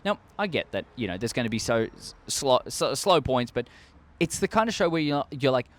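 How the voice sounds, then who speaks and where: Aussie guy ranting on his vlog, swears a ton, gets all fired up, mid-pitched voice. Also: fairly quick. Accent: Australian. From Australia. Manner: rambling, heavy swearing, excitable. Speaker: show host. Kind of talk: casual opinion vlog. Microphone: desk microphone.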